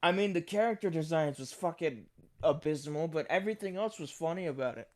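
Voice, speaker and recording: A young man with a slightly higher voice chats loosely on a podcast, hesitating and filling gaps with "um." His tone stays laid-back. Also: fairly quick, a little mellow. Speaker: podcast co-host. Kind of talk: casual chat.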